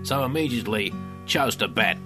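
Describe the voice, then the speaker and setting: A man reading out an email in a put-on Australian accent, playing a cocky cricket-mad Aussie with a lower, broad voice. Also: expressive, moderate pace, lightly acted. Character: brash boastful Aussie cricket fan, male adult. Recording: music playing underneath.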